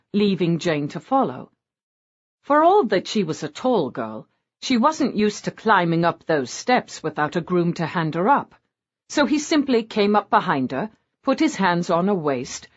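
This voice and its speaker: A woman narrating a romance audiobook in a scripted style, with a lively, varied delivery. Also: on the low side. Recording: dull lo-fi audio.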